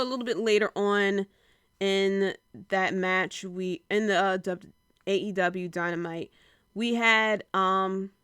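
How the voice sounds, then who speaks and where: A young woman hosting a podcast, giving a casual solo review in a chatty way with many fillers and animated quotes. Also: medium pitch, clear, resonant tone, no echo, studio quality. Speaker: podcast host reviewing wrestling.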